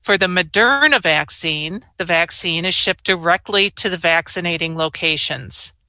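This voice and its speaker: Bright-voiced woman giving official briefing. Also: on the low side, no room sound. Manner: measured, explanatory. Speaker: state health official. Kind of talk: prepared briefing remarks.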